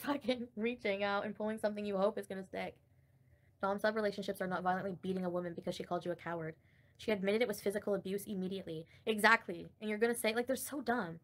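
A woman hosting a casual livestream and commenting on online drama, blunt and profane, with frequent laughter. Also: medium pitch.

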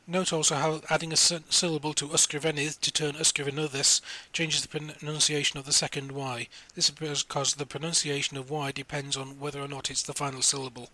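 A man's voice: a little high, bright, forceful tone. A man reading an encyclopedia article aloud, carefully spelling out letters and sounding out foreign words. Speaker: volunteer reader of spoken encyclopedia articles.

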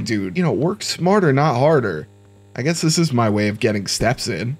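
A man's voice: medium pitch, very animated, moderate pace. A young man giving casual, joking let's-play commentary, talking to himself with sudden startled outbursts. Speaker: gaming YouTuber.

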